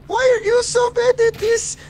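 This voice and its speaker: Text-to-speech voice doing a bratty, mocking garden gnome, very high and flat. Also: unhurried. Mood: deadpan. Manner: bossy, insulting deadpan remarks. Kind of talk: text-to-speech companion voice in a game stream.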